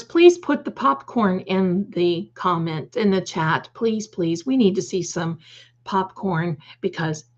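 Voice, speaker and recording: A woman's voice: medium pitch, expressive, a little slow, lo-fi sound. A woman hosting a casual livestream, reading the chat aloud, calling her viewers darling and adding snarky, opinionated asides. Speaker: livestream host.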